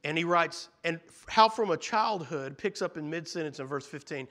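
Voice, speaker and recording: Male preacher, high bright voice, earnest sermon delivery with restarts. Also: moderate pace. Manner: earnest, with frequent restarts and repeated phrases.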